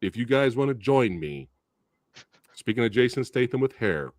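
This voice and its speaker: An excitable man hosts a casual movie discussion, laughing as he goes. His pitch swings a lot. The sound is close and dry, with no room in it. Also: moderate pace, no echo. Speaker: podcast host.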